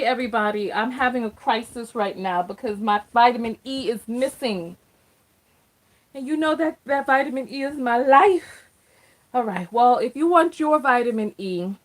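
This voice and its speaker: Exasperated woman host live-streaming. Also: fairly high pitch. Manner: animated, exasperated, talks to viewers. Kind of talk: casual live-stream commentary.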